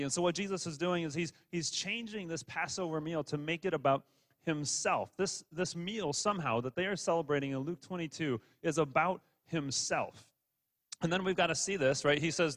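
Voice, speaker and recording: A man's voice: fairly high pitch, normal speed, fairly bright tone. A man preaching a sermon in a conversational way, often repeating words and restarting sentences. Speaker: pastor. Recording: long hall reverb.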